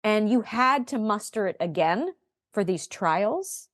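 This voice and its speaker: Female co-host, gentle and affirming interviewer, dead-dry close mic. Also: mid-range voice, expressive, a little slow, dry recording. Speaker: podcast co-host. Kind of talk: interview questioning.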